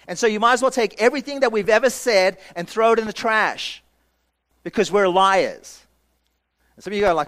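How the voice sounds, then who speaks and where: Male pastor, higher register, lively emphatic sermon delivery. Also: fairly quick. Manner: emphatic, acts out congregation voices, rhetorical questions.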